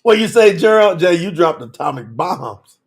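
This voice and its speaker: A man teaching scripture on a livestream in an animated, colloquial way, laughing often and calling out viewers by name. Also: sits high, normal speed, slightly rough. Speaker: bible teacher.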